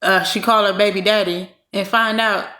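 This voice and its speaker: A woman's voice: medium pitch, steady tone, normal speed, pushed and bright. A woman from California giving blunt, exasperated commentary straight to her viewers. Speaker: vlogger commenting on a clip. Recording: roomy echo.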